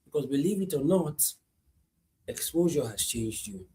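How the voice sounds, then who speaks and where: A man preaching a sermon, repeating his points emphatically and moving between hushed lines and loud climaxes. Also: medium pitch, big pitch swings, moderate pace. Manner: repetitive, emphatic, swings from hushed to shouting.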